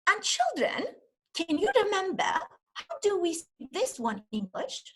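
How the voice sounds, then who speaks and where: A woman giving an online teaching demonstration, talking as if to a class of young children and sounding out letters slowly and with exaggeration. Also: very high-pitched, huge pitch swings. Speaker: teacher trainer. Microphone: video call.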